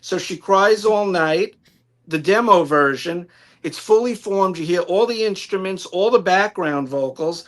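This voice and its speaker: A man with a high voice and a light New York accent gives a prepared album review on a live stream. He reads from his notes in a detailed, enthusiastic way over a home microphone. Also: measured pace.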